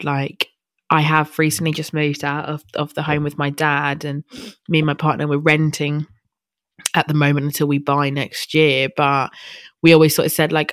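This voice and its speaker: A woman's voice: on the low side, dry recording, studio quality. A young woman hosting a podcast, talking candidly and from the heart in a chatty way, with lots of fillers, restarts and some casual swearing. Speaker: podcast host. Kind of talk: candid personal podcast monologue.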